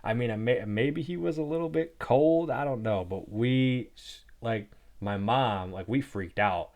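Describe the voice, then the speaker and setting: A man's voice: medium pitch, measured pace, darkish tone. A young man hosting his own podcast, telling a personal story in a loose, rambling way and saying "like" constantly. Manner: rambling, heavy use of "like". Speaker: podcast host. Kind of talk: casual storytelling.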